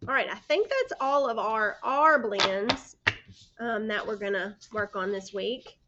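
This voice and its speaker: A woman teaching first graders phonics, sounding out letter blends slowly and patiently, prompting the children to answer. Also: medium pitch, animated, lo-fi sound, very noisy. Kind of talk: phonics lesson for young children. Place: indoors by a sunny window.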